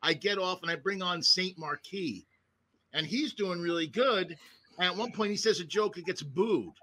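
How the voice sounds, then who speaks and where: Comic podcast co-host, male; sharp bright tone, high, lively anecdotes. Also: normal speed, slight background noise. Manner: animated, profane anecdotes with voices. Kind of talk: casual chat, storytelling.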